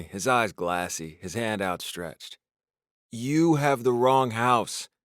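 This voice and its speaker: A man's voice: fairly low pitch, dry recording, studio quality. A man narrating a novel in the first person, with a wry, exasperated storytelling manner. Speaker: audiobook narrator.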